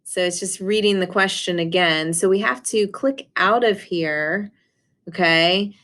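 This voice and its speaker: A woman teacher speaks in a slightly low, everyday voice as she talks her class through a lesson. She is casual and unscripted, with frequent fillers and restarts. The pace of her talk shifts often. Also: unhurried, a bit bright. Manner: casual, many ums and restarts. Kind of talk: recorded class lesson and screen walkthrough.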